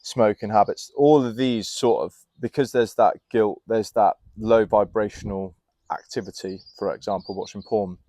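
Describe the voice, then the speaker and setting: A young man with a fairly low voice talks through candid stories in a relaxed podcast chat. He speaks with animation and laughs easily as he makes his points. The sound is close and dry, recorded outdoors in a garden. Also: normal speed, dry recording. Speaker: health and fitness coach, guest. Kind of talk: casual podcast conversation.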